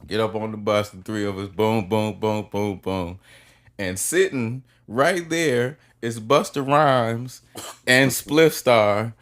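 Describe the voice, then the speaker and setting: Deep-voiced man telling road stories. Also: slow pace, a bit bright. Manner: rambling anecdotes with fillers and profanity. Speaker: podcast guest. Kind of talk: casual podcast storytelling.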